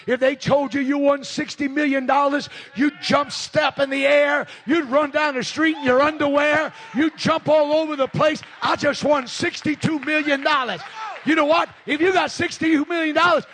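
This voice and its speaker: Very high, bright shouting revival preacher. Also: male voice, creaky, a little hiss or hum. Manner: shouting, punchy, joking with the congregation. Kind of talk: fiery revival sermon. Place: revival crusade meeting.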